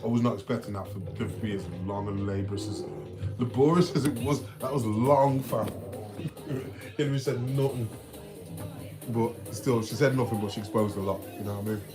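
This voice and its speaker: A man's voice: medium pitch, fairly quick. A man hosting a casual livestream, chatting with viewers, slangy and full of swearing. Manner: slangy, swearing, addresses chat. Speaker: livestream host. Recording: music in the background. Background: music playing.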